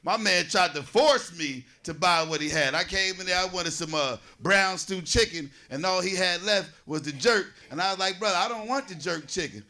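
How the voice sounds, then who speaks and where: A man's voice: sits high, normal speed, few pauses, bright, forceful tone. A man in his forties from New Jersey doing a loose, conversational stand-up set, riffing with the audience on a comedy stage. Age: 40s.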